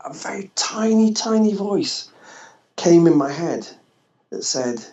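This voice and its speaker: A man, a former social worker, telling a personal story in an interview, halting and restarting often. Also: a little high, lively intonation, darkish tone. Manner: halting, with frequent restarts and fillers. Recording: echoey, slightly dull podcast audio.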